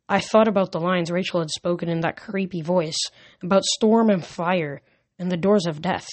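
A woman reading a novel aloud at a steady pace, with small slips and restarts. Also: on the low side, normal speed, dry recording. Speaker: audiobook reader.

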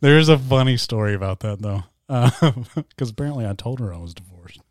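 A man's voice: medium pitch, expressive, a little fast, dry recording, studio quality. A man in his thirties, co-hosting a podcast and telling candid, self-mocking stories about his life in casual chat. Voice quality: voice turns gravelly when whispering. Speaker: podcast co-host and guest.

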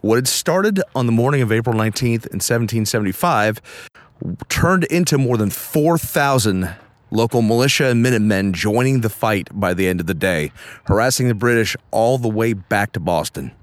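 A man's voice: on the low side, animated, normal speed, no echo. A man hosting a podcast, narrating an on-location travelogue outdoors at historic sites and reading monument inscriptions aloud with relish. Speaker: podcast host.

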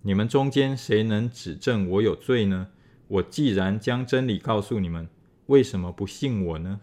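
A man reads scripture aloud at an even, measured pace. His voice sits somewhat low. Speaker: scripture reader.

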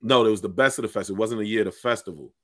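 A man who is a stand-up comedian, telling stories in casual podcast chat, animated and swearing freely, often breaking into laughter. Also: on the low side, racing, no room sound, clean studio sound.

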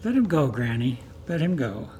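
A man's voice: medium pitch, big pitch swings, moderate pace, breathy edge. A man reading as a kindly old shoemaker. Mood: pleading. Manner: gentle, welcoming.

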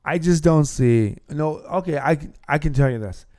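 A man's voice: a little high, normal speed, a little mellow. A man hosting a casual sports podcast, explaining football plays at length. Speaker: podcast host.

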